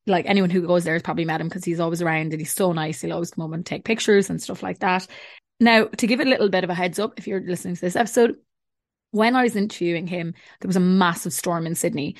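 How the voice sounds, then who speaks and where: Young Irish woman host, chatty and rambling, low-set voice, dry close recording. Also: steady tone, quick pace, no room sound. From Ireland. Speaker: podcast host. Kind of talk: casual podcast intro and chat.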